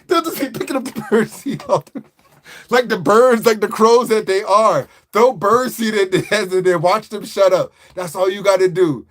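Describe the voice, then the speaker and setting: A man hosting a livestream, chatting casually in a rambling, slangy, animated way and greeting viewers. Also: high voice, normal speed, slight background noise. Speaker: livestream host. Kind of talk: casual live chat.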